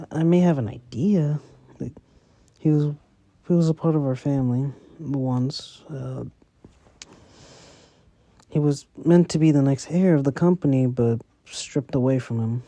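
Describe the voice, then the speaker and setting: Man, very mellow dark voice, dry close sound, rambling slangy recap. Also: a little high, dry recording. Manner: rambling, full of "like" and "you know", slangy. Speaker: commentator retelling a story. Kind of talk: casual spoken recap.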